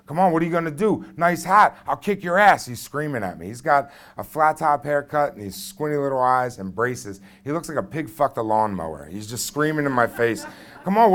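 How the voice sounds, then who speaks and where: A man in his thirties telling a personal story on stage into a microphone, conversational and blunt with frequent fillers. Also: on the low side. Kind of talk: live first-person storytelling.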